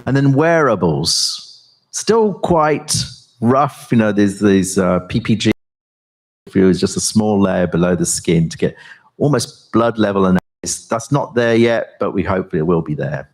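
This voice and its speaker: An older man, a professor, giving a conference talk and then chatting onstage, with halting speech full of fillers and restarts. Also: lowish voice, lively intonation. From England.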